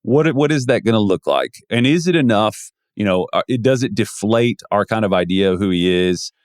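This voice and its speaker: A man's voice: fairly low pitch, moderate pace, no echo, clean studio sound. A man co-hosting a podcast, thinking aloud in casual basketball analysis with lots of restarts. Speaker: podcast co-host.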